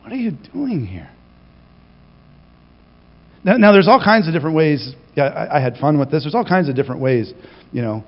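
A man preaching a sermon as pastor, telling the story with animated delivery and acting out the quoted lines. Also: a little high, fast. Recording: reverberant, dull lo-fi hall recording.

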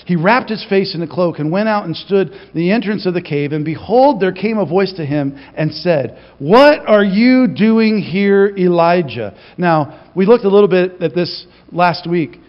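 A man preaching a sermon as pastor, telling the story with animated delivery and acting out the quoted lines. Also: high-pitched, normal speed, hardly any pauses. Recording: reverberant, dull lo-fi hall recording.

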